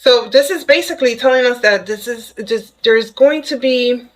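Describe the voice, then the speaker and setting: A woman giving a casual spoken tarot reading to the viewer, excitable and chatty, who keeps checking in with "okay?". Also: fairly high pitch, moderate pace, rough recording. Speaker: tarot reader.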